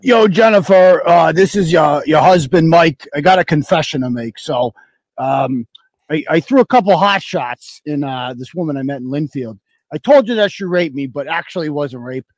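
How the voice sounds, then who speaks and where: A man's voice: fairly high pitch, expressive, moderate pace, dry recording. A man doing a sleazy husband's rambling voicemail. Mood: smarmy. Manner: rambling, sheepish confession full of fillers.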